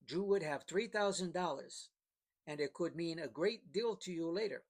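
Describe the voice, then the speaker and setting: A man's voice: a little high, normal speed. A man playing a persuasive young businessman. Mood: coaxing. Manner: persuasive, polite. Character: smooth young male businessman with a bribe.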